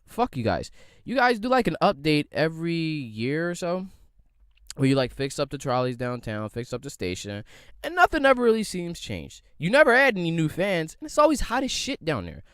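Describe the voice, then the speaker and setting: A man's voice: fairly high pitch, huge pitch swings, moderate pace, fairly bright tone, clear, resonant tone, dry recording, studio quality. Profane rambling Philly podcast guy. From Philadelphia area. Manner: loose, profane, rambling, rhetorical questions. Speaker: podcast host. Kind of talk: solo podcast rant.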